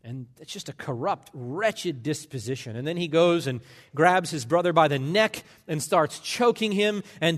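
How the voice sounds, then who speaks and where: A male pastor delivers an impassioned sermon, his voice swinging widely and sitting somewhat high. He hammers points with emphasis and dramatic pauses. The sound carries the long reverb of a large church hall. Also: fairly bright tone.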